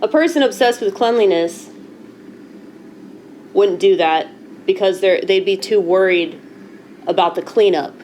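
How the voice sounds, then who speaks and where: A woman's voice: mid-range voice, a little slow, pauses often, a little mellow, a little hiss or hum, rough recording. A woman vlogger talking candidly to the camera, blunt, a little profane, emotional and self-mocking. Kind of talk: candid casual talk to camera.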